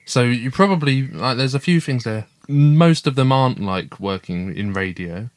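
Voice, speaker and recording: A man's voice: medium pitch, expressive, moderate pace, no echo. A man, co-hosting a casual family podcast in an easygoing way with fillers. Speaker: podcast co-host, father.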